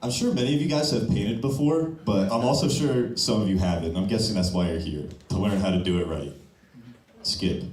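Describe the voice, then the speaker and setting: A man's voice: on the low side, fairly quick, darkish tone. Young male comic in an echoey club. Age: young adult. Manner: loose, punchy delivery, tags "okay?" to lines. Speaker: stand-up comedian. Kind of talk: open-mic stand-up. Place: comedy club stage. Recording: echoey room, mic from a distance.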